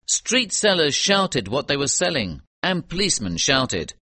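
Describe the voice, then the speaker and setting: A man narrating a storybook in a clear, measured way. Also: on the high side, big pitch swings, bright, forceful tone, no room sound. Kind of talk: scripted audiobook narration.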